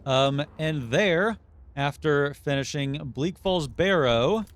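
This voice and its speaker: Slow-talking man streaming a game. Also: a little high. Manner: relaxed, muttering and thinking aloud while playing. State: throat getting sore. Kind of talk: casual live game commentary.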